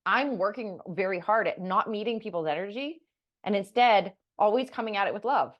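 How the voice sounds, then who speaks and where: A middle-aged woman co-hosting a podcast, talking candidly and bluntly, animated and swearing freely. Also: mid-range voice, normal speed, highs cut off. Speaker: podcast co-host. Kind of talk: candid casual chat.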